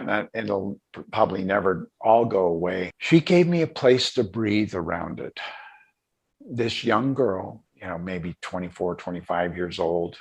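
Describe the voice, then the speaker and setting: An older man, a guest in an interview, telling a personal story in a halting, emotional way with many restarts. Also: lowish voice, gravelly, husky. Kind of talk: reflective storytelling.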